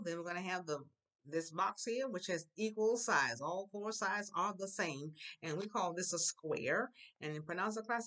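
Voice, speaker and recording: Lady teacher in a classroom, low-ish voice that swoops around a lot, repeats stuff slow for kids. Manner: lively, drawn-out repetition of words for pupils to copy. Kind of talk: classroom language lesson. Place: school classroom.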